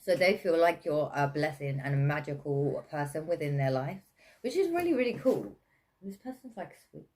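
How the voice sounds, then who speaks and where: A woman's voice: sits low, expressive, normal speed, darkish tone, slight background noise. A woman with an English accent giving a casual, chatty tarot reading, with many fillers and frequent laughs. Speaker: tarot reader.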